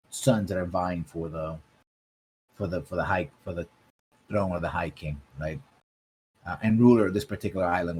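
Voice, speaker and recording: A man's voice: low-pitched, darkish tone, a little hiss or hum. A man running a tabletop game as game master, describing scenes at length and often checking in with the players. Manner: descriptive, keeps checking in with "right?".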